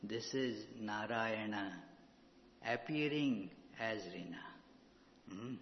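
A man giving a slow, measured scripture lecture into a microphone, pausing often with fillers. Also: mid-range voice, slight background noise. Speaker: spiritual teacher. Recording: dull hall recording with long reverb.

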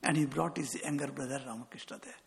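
A man's voice: on the high side, quick pace, vocal fry. A man, a monk giving a sermon with earnest storytelling and quoted dialogue. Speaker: monk giving a spiritual talk. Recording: long hall reverb.

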